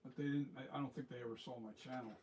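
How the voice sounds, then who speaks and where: A man's voice: mid-range voice, steady tone, rapid-fire, distant mic. A man chatting casually to his viewers while he sculpts a mask in his workshop, rambling through asides as he works. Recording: voice off from the mic, faint noise.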